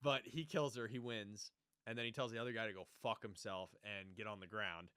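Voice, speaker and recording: A man co-hosting a podcast, chatting casually and animatedly about a TV show, jumping into quick character impressions. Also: fairly low pitch, fairly even intonation, pushed and bright, smooth, no room sound, clean studio sound. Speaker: podcast co-host. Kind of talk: casual chat recapping a TV show.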